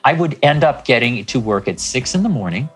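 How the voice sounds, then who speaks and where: Man, 60s, life coach guest; lively raconteur who performs the dialogue, soft music bed. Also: medium pitch, brisk. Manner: animated, acts out dialogue in shifting voices. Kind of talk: storytelling interview talk.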